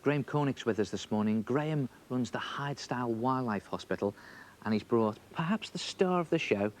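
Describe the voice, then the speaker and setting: A man presenting a children's TV magazine show in a brisk, chatty way. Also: medium pitch, expressive, a little hiss or hum.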